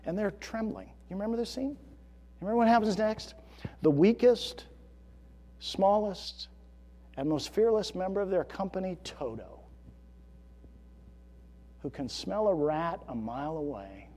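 A man preaching a sermon as pastor, earnest, swelling into emphatic storytelling and dropping to a hush. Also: sits high, expressive, measured pace, pauses often, long reverb tail. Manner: earnest, rising to emphatic storytelling then hushed.

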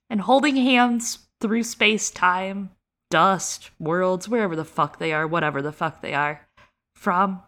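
A woman's voice: mid-range voice, fairly bright tone. A woman co-hosting a podcast, retelling a series in dramatic, playful casual chat with crude jokes. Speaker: podcast co-host.

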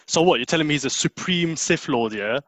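Brief: slightly higher-voiced man, slangy, mocking, dry mic. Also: lively intonation, a little fast, a bit bright, dry recording, poor audio. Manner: incredulous, mocking, uses slang like "fam". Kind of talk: casual chat.

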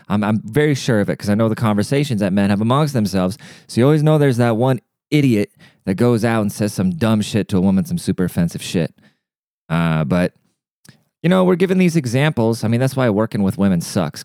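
A man's voice: on the low side, a little mellow, no room sound, studio quality. A man ranting casually and sarcastically, swearing freely as he talks alone into the mic. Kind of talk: casual profane rant.

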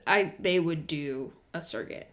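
A young adult woman co-hosting a casual podcast, recapping reality TV with sardonic asides and deadpan impressions of the cast. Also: sits low, moderate pace. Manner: dry, sardonic, mimics cast members in deadpan voices. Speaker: podcast co-host.

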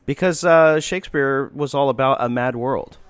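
A man hosting a talk show, chatting in a halting way with many fillers and restarts. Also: mid-range voice, smooth, dry recording. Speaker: podcast host. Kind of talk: casual chat.

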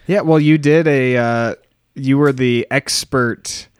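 A man's voice: medium pitch, slow pace, clean tone, no room sound. Man, podcast co-host, joking banter, dry close mic. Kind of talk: casual chat.

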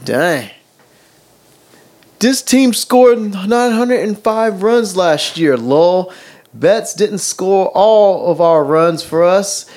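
A man's voice: high voice, lively intonation, very slow, a little mellow. A man co-hosting a casual chat, reading comments aloud with dry, wry remarks. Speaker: podcast co-host.

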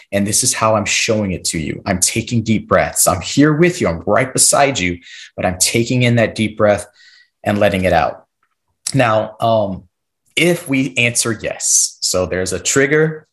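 Man, podcast guest, lower voice, explanatory coaching delivery with rhetorical check-ins. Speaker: podcast guest, classroom behavior expert.

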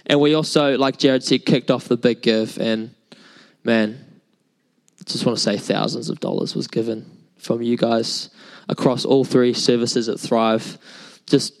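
A man's voice: mid-range voice, steady tone, unhurried, low-quality recording. A young man, preaching a sermon in a casual, chatty storytelling way with many fillers. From New Zealand. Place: church service.

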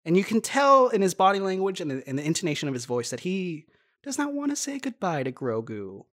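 Animated woman, lively swooping pitch. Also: brisk. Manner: animated, laughs often, self-described nerd. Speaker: podcast co-host. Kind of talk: casual chat.

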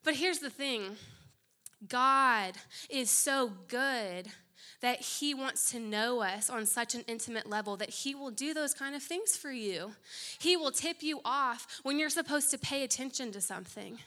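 Young woman preacher, lively storyteller, bright tone. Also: sits high. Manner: animated storytelling with quick asides. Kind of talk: sermon.

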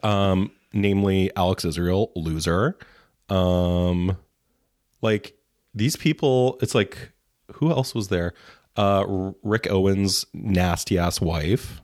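A man's voice: deep voice, takes it slowly, a little mellow, no room sound, clean studio sound. A man co-hosting a casual chat, snarky and ranting, swearing freely. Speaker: podcast co-host.

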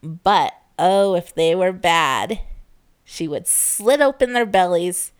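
A woman's voice: fairly low pitch, animated, slow pace, clean tone. A woman hosting a casual podcast, telling folklore with a playful, laughing manner. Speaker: podcast host.

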